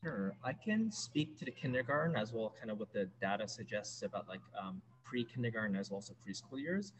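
A male educator answering questions in a school panel discussion, measured and citing research, with frequent fillers. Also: on the low side, animated, a little hiss or hum, rough recording.

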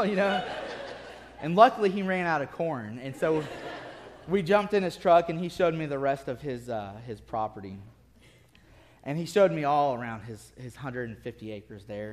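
Animated storytelling pastor, a fairly high-voiced man. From city-raised. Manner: animated, laughing storyteller, drops to quiet intensity. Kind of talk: sermon with storytelling. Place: church sanctuary. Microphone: lectern mic at a podium.

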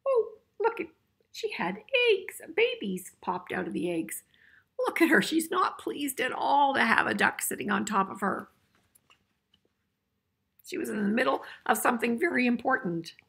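An older woman's husky, gravelly voice carries a picture-book read-aloud for children. She sits a little high in pitch and takes her time, playful and full of small chuckles as she invites her listeners to join in. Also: very animated, moderate pace, fairly bright tone. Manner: playful, asks the listener questions, chuckles often.

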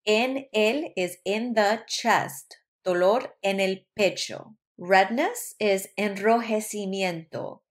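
Colombian-born woman slowly drilling medical Spanish. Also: mid-range voice. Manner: slow, careful pronunciation with repetition. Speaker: nurse practitioner teaching medical Spanish. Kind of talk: vocabulary lesson.

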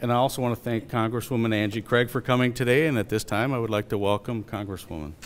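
A man's voice: mid-range voice, quick pace, background noise. A man giving plain, slightly hesitant opening remarks at a town hall in a large hall. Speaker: state legislator hosting the event. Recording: long hall reverb.

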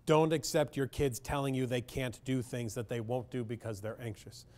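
A man's voice: medium pitch, normal speed, darkish tone. A man, a clinical psychologist, speaking bluntly and with humor in a public talk to parents, often asking the audience questions.

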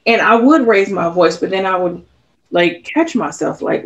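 A woman's voice: medium pitch, expressive, moderate pace. A woman co-hosting a podcast, talking casually and reflectively, trailing off with ums. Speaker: podcast co-host. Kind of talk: casual chat. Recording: slightly dull lo-fi.

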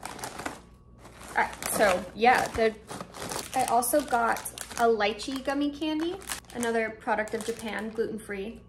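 Chatty young woman with a bright, high voice. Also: unhurried, pauses often, background noise. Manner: chatty, excited, thinks aloud while tasting. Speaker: vlogger. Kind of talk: casual haul and taste-test vlog. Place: indoors at home, air conditioner running.

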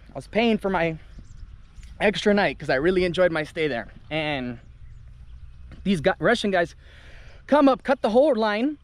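A young man, a travel vlogger, ranting casually to camera, heated and indignant, swearing freely. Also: high-pitched. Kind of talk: casual vlog rant to camera.

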